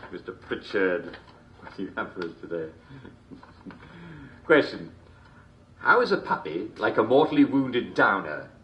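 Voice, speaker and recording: A man's voice: fairly low pitch, big pitch swings, slow pace, pauses often, fairly bright tone, a little hiss or hum, heavily acted. An actor playing a jolly TV show host, chuckling constantly between lines in chummy showman patter. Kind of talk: video game character performance.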